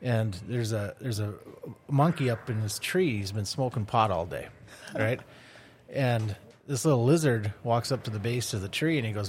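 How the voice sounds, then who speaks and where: A man's voice: on the low side, normal speed, darkish tone, slight background noise. Man doing a loose storyteller with a Midwest accent. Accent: Upper Midwest American. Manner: loose storyteller, cursing, doing character voices. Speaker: podcast co-host. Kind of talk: casual chat, telling a joke.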